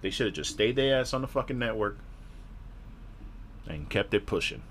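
A man's voice: on the low side, animated, moderate pace, fairly bright tone. Give me a man with a sore throat hosting a podcast, ranting and swearing, over faint background hiss. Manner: frustrated, profane, rambling with restarts. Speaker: podcast host.

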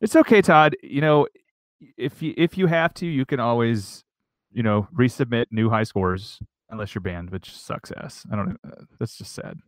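A man co-hosting a podcast, excitable and rambling in jokey casual chat. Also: mid-range voice, moderate pace, dry recording. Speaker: podcast co-host.

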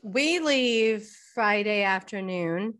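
A middle-aged woman chatting casually as a podcast co-host. Her voice sits at an ordinary middle pitch, and she rambles with frequent restarts, sometimes talking while she eats. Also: lively intonation, slow pace, a bit bright. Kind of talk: casual chat.

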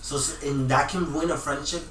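A man in his twenties talking in a casual podcast chat, rambling and reflective as he thinks out loud. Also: on the high side, steady tone, fairly quick, a crowd in the background. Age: 20s. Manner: reflective, rambling, self-analyzing. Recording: echoey room, mic at a distance, faint hiss.

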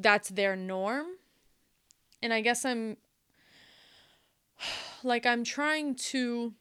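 A young woman speaks in a personal podcast monologue, candid and emotional, with lots of fillers and the odd swear word. Her voice sits a little high and sounds smooth and clear. It is recorded close and dry, with no room sound. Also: fairly bright tone, no room sound. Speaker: podcast host.

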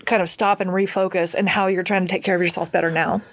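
A woman's voice: lowish voice, level tone, fast. A woman hosting a casual interview, asking her guest questions and prompting her with short affirmations.

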